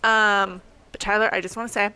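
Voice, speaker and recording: A woman's voice: mid-range voice, flat delivery, fairly quick, background noise. A woman co-hosting a podcast in playful, teasing banter, laughing a lot, recorded on a table microphone inside an open bookstore. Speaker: podcast co-host. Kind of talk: casual banter.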